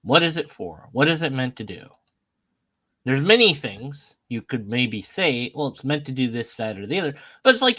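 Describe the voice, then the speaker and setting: In a casual online video reacting to images, a man with a somewhat high, pushed, bright voice delivers sarcastic commentary. He strings together questions and puts on mocking voices.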